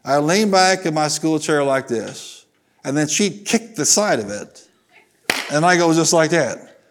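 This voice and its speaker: Slight background noise accompanies a middle-aged Southern Illinois pastor as he preaches in a church sanctuary. His voice is on the high side, lively in intonation and a little slow, as he tells folksy stories and calls for the congregation's replies.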